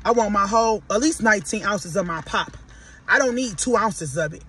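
High-voiced chatty man from Detroit. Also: a little fast, bright, forceful tone, slight background noise. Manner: chatty, keeps calling viewers "y'all". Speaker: podcast host reviewing food. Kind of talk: casual mukbang food review.

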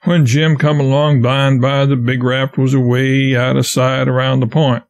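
A man narrating an audiobook of a classic novel in a steady, plain storytelling way. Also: mid-range voice, normal speed.

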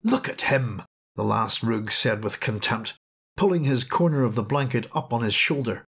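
A man's voice: mid-range voice, normal speed, gravelly, a bit bright, a little hiss or hum. A man narrating an audiobook in a dramatic storytelling manner. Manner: dramatic storytelling, acting out cries. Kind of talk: scripted narration.

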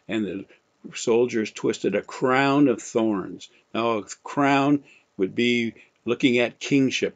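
Guy teaching bible stuff sermon-style, punches the quotes, kinda muffled lo-fi sound. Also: mid-range voice. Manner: emphatic, quotes scripture dramatically, repeats phrases. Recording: dull lo-fi recording.

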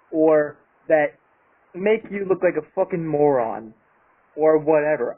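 In this tinny-sounding clip, a YouTuber tears into the state of his channel with furious, expletive-laden emphasis. His voice is fairly high and husky throughout the monologue.

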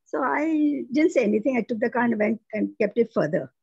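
A woman's voice: fairly high pitch, fairly quick, gravelly, darkish tone, husky, no room sound, lo-fi sound. A woman sharing a personal testimony in a prayer group, telling it earnestly with frequent restarts.

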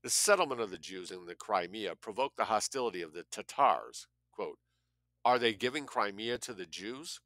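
A man's voice: low voice, bright, forceful tone, no room sound. A man reading a nonfiction book aloud, spelling out words letter by letter and adding blunt asides of his own. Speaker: audiobook reader.

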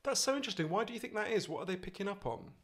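Animated posh English man swearing. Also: sits high, rapid-fire. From England. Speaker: author and guest. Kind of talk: casual podcast conversation.

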